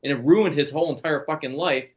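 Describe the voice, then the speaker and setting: A man's voice: a little high, fast talker. A man in his forties, a podcast co-host, telling stories in blunt, profane casual chat. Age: 40s.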